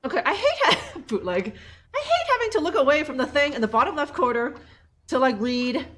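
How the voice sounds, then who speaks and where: A chatty woman streaming a game live, joking with her chat and reading lines aloud. Her voice is fairly high and very lively, bouncing all over the place. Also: fairly quick, slight background noise. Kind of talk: casual live game commentary.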